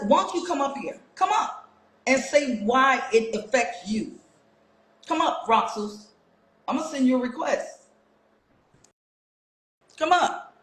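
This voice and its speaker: This livestream host has a high-pitched, fairly bright voice and chats casually with her audience through a phone mic. Her rant is full of repeated rhetorical questions, and the room she's in echoes.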